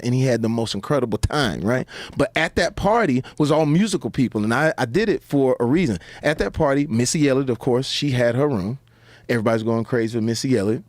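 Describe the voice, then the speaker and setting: A man guest telling stories in a lively way, jumping into high voices to act out the people he quotes. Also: fast, dry recording. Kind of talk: animated storytelling.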